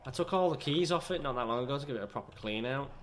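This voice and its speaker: A young British gaming channel host with a mid-range voice races through his let's play commentary, his intonation lively. He chats and rambles self-deprecatingly about his own gameplay, with a little hiss or hum in the background.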